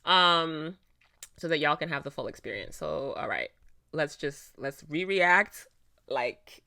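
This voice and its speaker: Woman doing a reaction vid on her own mic, super animated, lots of likes and rights, laughs a bunch, swears casually. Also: deep voice, measured pace, gravelly. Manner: animated and talkative, with frequent fillers and casual swearing; laughs often while talking. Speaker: reaction video host. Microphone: own microphone.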